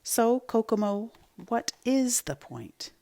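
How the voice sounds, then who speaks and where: A woman's voice: a little high, creaky, voice pushed up, full character voice. A woman reading aloud and voicing a playful, teasing mother comforting her young son. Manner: teasing, quick-witted, lively.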